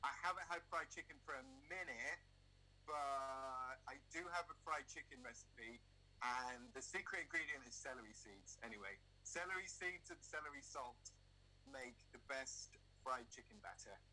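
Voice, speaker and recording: A relaxed, cheerful man rambles happily through his answers on a call. His voice is very bright and forward, and a faint hum sits underneath. He speaks at a middle pitch and keeps it casual with lots of fillers. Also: moderate pace, rough recording. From United Kingdom. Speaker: interview guest, DJ and producer. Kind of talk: casual chat.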